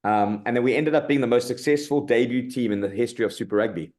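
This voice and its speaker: A middle-aged man from South Africa, a rugby coach telling stories in a casual interview, animated and colloquial, often saying "mate". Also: mid-range voice, fast.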